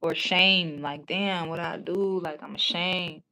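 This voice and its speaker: A woman's voice: fairly low pitch, steady tone, slow pace, pushed and bright. Blunt, foul-mouthed woman streamer. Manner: blunt, profane and frank; rambling with many restarts. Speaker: livestream host. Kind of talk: casual chat on a livestream.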